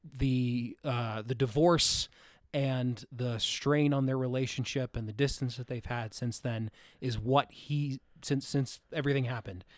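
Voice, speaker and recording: A man co-hosting a podcast, talking through a film in a halting, reflective way and searching for his words. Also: mid-range voice, steady tone, dry recording, studio quality. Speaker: podcast co-host. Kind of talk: casual film discussion.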